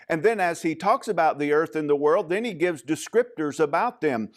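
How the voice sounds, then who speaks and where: A man preaching a sermon as pastor of a church, speaking in a measured, emphatic way with frequent fillers. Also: on the high side, expressive.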